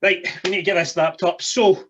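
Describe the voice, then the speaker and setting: A man's voice: high-pitched, fairly even intonation, brisk, a bit bright, slight background noise. A man hosting a podcast, joking and swearing casually. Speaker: host and quiz referee.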